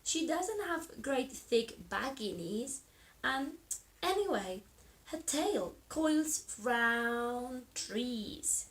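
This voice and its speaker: A woman's voice: high voice, very animated, very slow, full character voice. A woman voicing a little lost young male monkey in a read-aloud storybook, insisting with sing-song rhymes. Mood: insistent.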